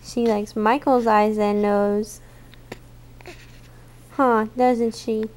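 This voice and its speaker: A woman's voice: on the high side, level tone, very slow, darkish tone, slight background noise. A mother cooing affectionately to her baby in baby talk.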